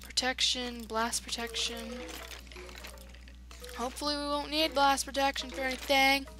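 A woman's voice: sits high, level tone, a little slow, music in the background. A woman chatting through a let's play, reacting aloud to the game as she goes. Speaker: gamer.

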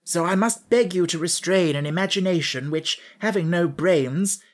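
A man's voice: high-pitched, animated, normal speed, voice pushed up. A man voicing a vain, touchy straw king who lectures in a grand manner, in a storybook audiobook. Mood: lecturing. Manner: grand, lecturing, easily flustered. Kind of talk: audiobook character voice.

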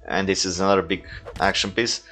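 This young man, whose deep, low voice has a sharp tone and little pitch movement, talks fairly quickly through his homemade toy films with faint music behind. English is not his first language, and his casual reaction commentary rambles with fillers and self-corrections.

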